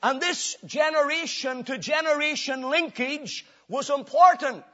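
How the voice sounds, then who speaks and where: A man delivers a sermon in a strikingly high voice. He swings between loud, emphatic declarations and quiet, intense stretches. The recording is dull and lo-fi. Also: unhurried. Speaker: preacher.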